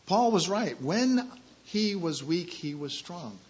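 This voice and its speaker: A man preaching a sermon, repeating key phrases and swinging from quiet asides to loud, emphatic scripture reading. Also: high-pitched, big pitch swings, slow, dull audio.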